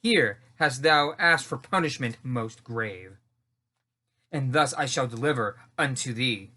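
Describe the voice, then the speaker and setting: A man's voice: medium pitch, lively intonation, measured pace, bright, forceful tone. A man voicing a bullying teenage thug in a home reading of a mock-Shakespearean play, with a sneering, menacing delivery.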